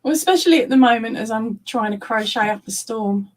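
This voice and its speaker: A woman's voice: fairly high pitch, far from the mic. A woman joining a livestream panel, chatting casually and crocheting as she talks. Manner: slow, laughs often, short interjections. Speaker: panel guest. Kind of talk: casual chat.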